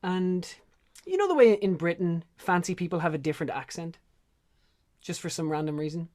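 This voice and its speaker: An Irish man, a songwriter guest, casually and effusively introducing his song with animated storytelling. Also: on the high side, normal speed. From Ireland.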